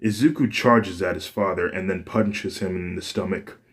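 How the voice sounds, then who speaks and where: A man's voice: sits low, steady tone, normal speed. A man narrating a fan fiction story in a plain, unpolished reading with frequent restarts.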